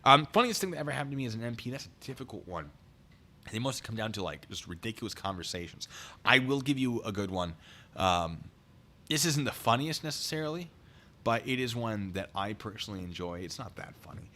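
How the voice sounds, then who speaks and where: A man's voice: mid-range voice, fairly quick. A young adult man casually telling funny stories from his time as a military police officer, acting out the voices of the people in them. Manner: animated, acts out quoted voices; self-described deadpan humor. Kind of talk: casual storytelling chat.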